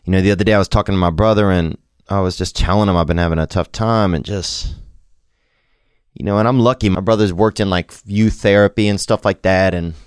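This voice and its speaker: A man speaking in a candid, rambling personal monologue, halting and vulnerable, with casual profane slang. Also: deep voice, steady tone, clean tone, dry recording, studio quality.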